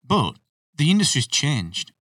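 A man's voice: on the high side, huge pitch swings, a bit bright, no room sound, studio quality, far from the mic. Chatty man, a bit off-mic. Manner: chatty, opinionated, quick asides. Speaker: podcast host. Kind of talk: casual chat.

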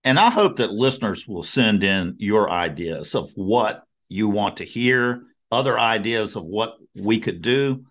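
A cheerful man hosts the podcast, laughing easily as he chats. His pitch moves a lot, so his voice sounds animated and lively. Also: a little slow, hardly any pauses. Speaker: podcast host and editor. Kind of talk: casual chat.

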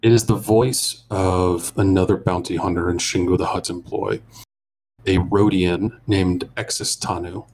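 Brief: low-voiced man running a tabletop game, calm scene-setting narration. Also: slight background noise. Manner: measured, descriptive narration with filler pauses. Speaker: game master.

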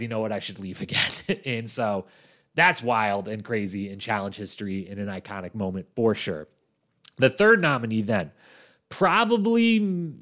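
A man of middle pitch talks through a reality show recap in a loose, chatty way. He tells the story with animation and fills it with "like" and "you know." When he quotes people, his voice jumps up to play them. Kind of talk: casual recap monologue.

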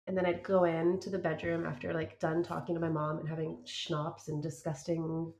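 A woman in her thirties co-hosting a podcast, chatty and quick to laugh and agree in casual talk. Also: deep voice, level tone, a little mellow. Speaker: podcast co-host. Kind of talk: casual chat. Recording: echoey room.

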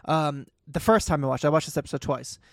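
A man's voice: on the high side, fast, no echo, studio quality. A man co-hosting a casual podcast, animatedly recapping an episode and reading quotes aloud. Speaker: podcast co-host.

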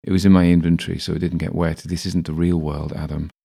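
A man's voice: low voice, flat delivery, quick pace, gravelly, mellow, breathy edge, heavily acted. A man voicing a practical, matter-of-fact male companion in an audiobook, speaking plainly.

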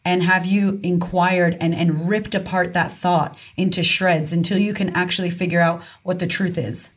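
A woman's voice: fairly low pitch, fairly even intonation, normal speed. A woman being interviewed as a confidence coach, speaking frankly and emphatically with casual swearing. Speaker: guest, confidence coach and author. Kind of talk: candid conversational interview.

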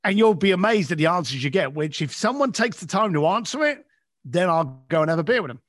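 A man telling a long personal story, acting out the voices of others and dropping low and quiet at emotional moments. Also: expressive, fast, no room sound, clean studio sound. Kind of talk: animated anecdote.

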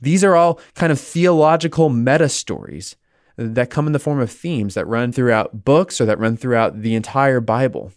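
On his podcast, an American man teaches about the Bible in a conversational tone, telling a personal story with animated delivery and small restarts. He speaks at a medium pitch and normal speed, and the studio-quality audio has no room sound.

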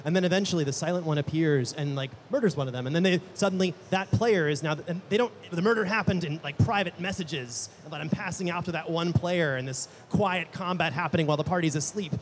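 A man's voice: fairly high pitch, slight background noise. A man game master on a convention panel, talking eagerly with lots of restarts. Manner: rapid, eager storytelling with many restarts. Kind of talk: casual panel chat.

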